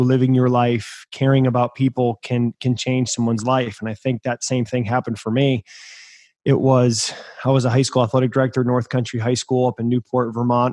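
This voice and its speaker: A man hosting a podcast, telling a story in an emphatic, energetic way. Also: mid-range voice, no room sound. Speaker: podcast host.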